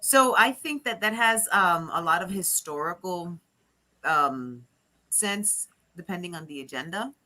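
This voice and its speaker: A woman from Rico, a teacher chatting as a guest, animated and laughing often as she acts out quotes. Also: lowish voice, unhurried. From Puerto Rico. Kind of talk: casual chat.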